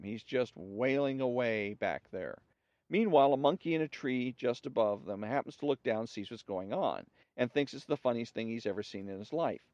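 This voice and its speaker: A man with a voice of average pitch reads jokes aloud as a show's host. He tells them in a relaxed storytelling way and acts out the lines. The recording is dry and somewhat dull. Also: no room sound.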